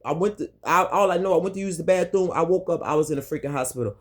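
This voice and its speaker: A woman's voice: on the low side, quick pace. A woman recounts a personal story to her viewers in a candid storytime monologue. She speaks directly to the audience and swears freely. She circles back and repeats her points for emphasis. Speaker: vlogger.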